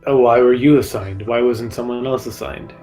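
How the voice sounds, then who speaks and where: A man's voice: medium pitch, moderate pace, music in the background, rough recording. A man playing a tabletop game in character, stammering and restarting his sentences. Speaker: player. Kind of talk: in-character tabletop role-play.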